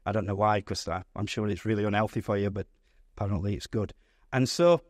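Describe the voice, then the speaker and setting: A man, a pastor, teaching a Bible study in a lively, conversational way, putting questions to his audience. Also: on the low side, fast, no room sound, clean studio sound.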